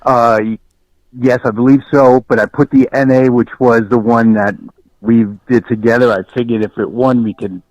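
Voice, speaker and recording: A man's voice: medium pitch, fairly even intonation, moderate pace, darkish tone, no echo, dull audio. A man from New York with a New York accent, calling in and chatting casually, laughing easily. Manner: laughs easily, brief replies. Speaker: caller. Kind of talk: casual chat. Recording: dry, over a call.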